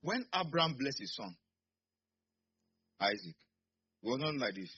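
Nigerian man preaching in church, husky and sharp, bursts of shouting, kinda muffled recording. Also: medium pitch, sing-song, measured pace, long pauses. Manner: preaching with sudden shouts and acted asides. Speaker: pastor. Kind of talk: sermon.

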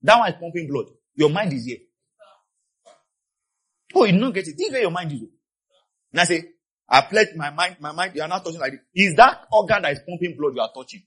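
A man preaching a sermon with passion. He swings between quiet asides and shouted peaks, and he repeats key phrases for emphasis. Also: on the high side, big pitch swings, fast talker, long pauses, slightly rough. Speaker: pastor.

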